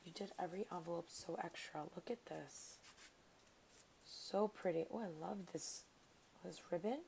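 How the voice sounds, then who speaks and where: A woman vlogger opens a craft mail package, gushing over each item and talking to the sender in a casual unboxing chat. Her medium-pitched voice is gravelly and a little mellow, with slight background noise.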